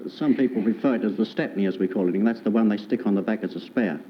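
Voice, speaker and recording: A man with a Cockney accent from the East End of London chats as a game show contestant. His voice sits low and his manner is amiable, with small hesitations. The sound is dull and lo-fi, with a faint hiss behind him. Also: fast talker. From England. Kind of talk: casual chat. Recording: dull lo-fi 1950s broadcast.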